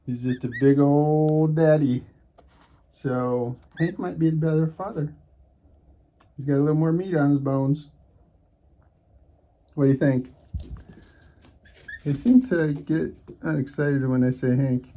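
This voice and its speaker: A backyard animal keeper chatting casually to pet emus outdoors, often slipping into high baby talk. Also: a little slow, long pauses, dark tone. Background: faint outdoor ambience and bird sounds.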